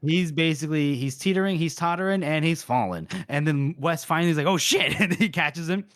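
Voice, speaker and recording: A man's voice: fairly high pitch, brisk, a bit bright, no room sound, clean studio sound. A man co-hosting a casual book podcast, retelling scenes animatedly, swearing and acting out the lines. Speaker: podcast co-host.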